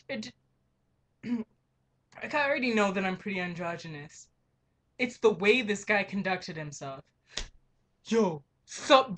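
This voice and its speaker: A woman's voice: mid-range voice, a bit bright. A young woman working as a grocery clerk, ranting in an exasperated, emphatic way with frequent swearing. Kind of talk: ranting vlog monologue.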